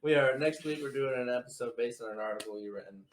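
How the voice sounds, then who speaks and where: A man's voice: mid-range voice, fast, a little hiss or hum. A man co-hosting a casual movie chat, blunt and crude, swearing freely. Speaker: podcast co-host.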